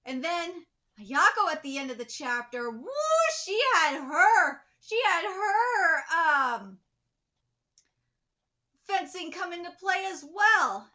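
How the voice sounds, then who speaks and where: A woman hosting a live manga reaction, excitable and breaking into shouting outbursts. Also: very high-pitched, slow, highs cut off. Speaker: host.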